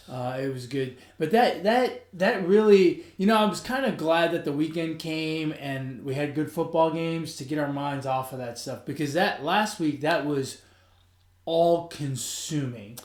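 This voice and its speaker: A man's voice: fairly high pitch, a little slow. A man hosting a sports podcast, chatting casually with his brother and laughing easily. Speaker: podcast host. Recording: echoey room.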